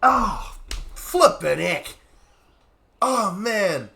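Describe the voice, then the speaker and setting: A young man giving playful, excitable live gameplay commentary, often laughing while chatting with his viewers. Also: sits high, extremely slow, vocal fry, husky. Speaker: streamer.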